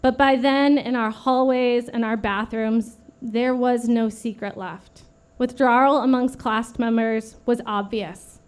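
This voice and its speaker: Woman, late thirties, memorial speech, earnest, fairly high voice. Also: slow, few pauses, clean tone. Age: late 30s. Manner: earnest, steady, read from a script. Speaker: vigil speaker.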